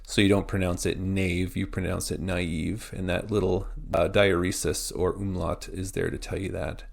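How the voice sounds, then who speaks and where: A man teaching a pronunciation lesson, spelling out words letter by letter in a slow, methodical way. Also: deep voice, level tone, creaky.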